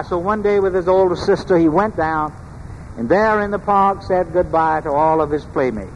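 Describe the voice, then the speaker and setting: High-voiced man preaching a sermon. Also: animated, lo-fi sound. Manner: measured, emphatic preaching with rhetorical questions. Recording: long hall reverb, faint background noise.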